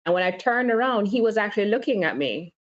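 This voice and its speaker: A woman's voice: mid-range voice, animated, fast. A woman co-hosting a casual podcast panel chat, telling stories candidly and laughing often. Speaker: podcast co-host. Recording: slightly dull lo-fi sound.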